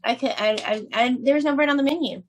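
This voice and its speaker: A woman guest on a podcast, telling a story in casual chat, animated, frank and bawdy. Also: high voice, quick pace.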